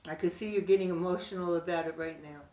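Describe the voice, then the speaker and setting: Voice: mid-range voice, steady tone, fast, a little mellow. An interviewer gives short, encouraging prompts and questions. The voice sounds distant and echoey, with faint noise behind it. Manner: brief encouraging responses. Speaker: host. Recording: echoey room, mic far off.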